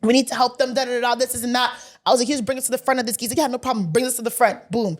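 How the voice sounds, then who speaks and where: A young woman co-hosting a podcast, telling a story in animated, slangy casual chat and acting out the dialogue. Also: a little high, rapid-fire. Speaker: podcast co-host.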